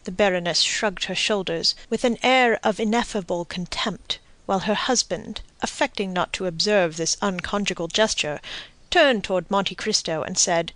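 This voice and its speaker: A woman narrating a classic novel as an audiobook in a measured, even reading. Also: medium pitch, no room sound. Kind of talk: scripted narration.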